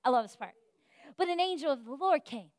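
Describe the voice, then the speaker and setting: A woman pastor delivers a fervent, folksy sermon with a very high voice. She swings between loud calls to the congregation and soft, confiding asides. The sound is close and dry, with no room echo. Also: lively intonation, fairly quick. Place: church.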